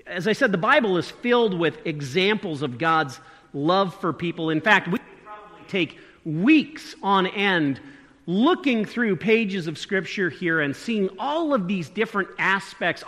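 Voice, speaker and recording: Brief: male pastor delivering a sermon, high and lively delivery, unhurried, long reverb of a church hall. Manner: earnest, repeats words and shifts emphasis. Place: church sanctuary.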